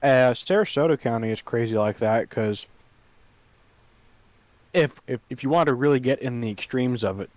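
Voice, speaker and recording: A man's voice: medium pitch, moderate pace, long pauses, no echo. A young man co-hosting a podcast, sarcastic and skeptical, trading silly puns. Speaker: podcast co-host. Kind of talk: casual chat.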